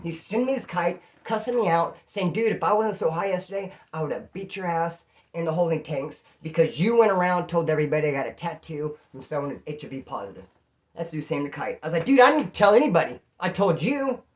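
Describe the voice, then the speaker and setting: A man's voice: a little high, a little fast. A man from California casually telling a story about his time in jail, talking in slang and acting out the voices of the people he quotes. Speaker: prison storyteller.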